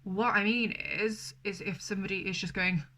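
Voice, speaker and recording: A woman's voice: medium pitch, fairly even intonation, normal speed, sharp tone, a little hiss or hum. Blunt, emphatic young British woman. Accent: British English. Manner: blunt, emphatic, swears freely. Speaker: vlogger. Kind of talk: opinion vlog to camera.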